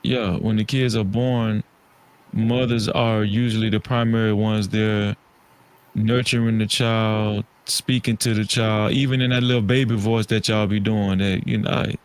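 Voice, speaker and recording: A man co-hosting a podcast, talking in a relaxed, thoughtful way with frequent restarts and "you know". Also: on the low side, measured pace, slight background noise. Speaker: podcast co-host. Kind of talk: casual chat. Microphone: studio microphone, podcast setup.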